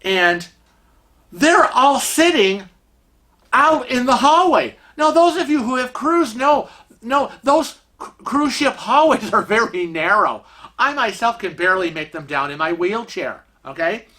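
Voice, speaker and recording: A man vlogger telling rambling, animated stories in a casual way, with many fillers. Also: extremely high pitch, unhurried. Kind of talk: casual storytelling.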